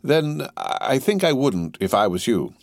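A man's voice: medium pitch, very animated, a little slow, creaky, no room sound, voice pushed up. Man doing a fussy older bank clerk, polite, stammering, hesitant, lilting, dry sound. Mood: mild.

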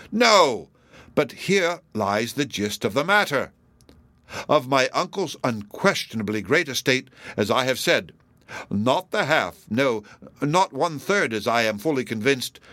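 A man reading aloud in the voice of a smug, pompous elderly judge, formal and deliberate. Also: medium pitch, very animated, fairly bright tone, no echo. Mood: persuasive. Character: smug, self-assured elderly male judge, pompous and formidable.

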